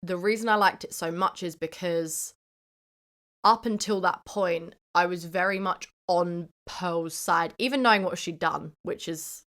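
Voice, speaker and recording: A young woman from the UK co-hosting a film podcast in casual chat, playful and quick to laugh. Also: lowish voice, a bit bright. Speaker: podcast co-host.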